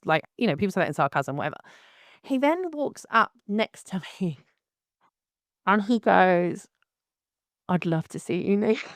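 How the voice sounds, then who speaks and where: A woman wedding photographer telling a story and ranting to camera in a lively, exclaiming way. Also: on the low side, dry recording, studio quality. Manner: animated, exclaiming, laughs through the story. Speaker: wedding photographer, channel host. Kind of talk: casual storytelling and rant to camera.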